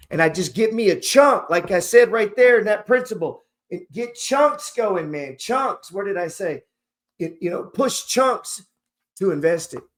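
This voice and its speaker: A man hosting an investing channel, talking casually and motivationally to camera in a rambling, profane, slangy storytelling way. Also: high-pitched.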